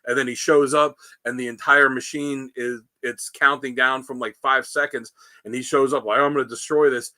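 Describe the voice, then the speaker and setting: A man with a mid-range voice hosts a casual comic book podcast at normal speed. He tells the stories in a rambling, animated way packed with fillers.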